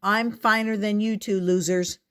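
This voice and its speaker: A woman voicing a vain, hungry male tiger with slow, strutting boasts. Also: medium pitch, steady tone, clear, resonant tone, pitched above the performer's own voice, natural voice. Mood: boastful.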